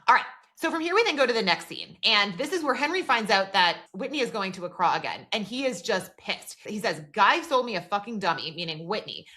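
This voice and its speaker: A woman's voice: mid-range voice, lively intonation, a little fast, pushed and bright. A woman co-hosting a podcast in casual chat, retelling scenes and reading out dialogue, with lots of "like" fillers. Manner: frequent "like" fillers. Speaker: podcast co-host.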